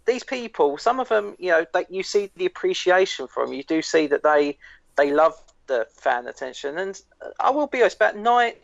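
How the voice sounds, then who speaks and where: A man's voice: high voice, very animated, moderate pace, vocal fry, no room sound. A man co-hosting a podcast, talking bluntly and frankly and swearing. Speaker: podcast co-host. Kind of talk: casual podcast chat. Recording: dry, dull lo-fi sound.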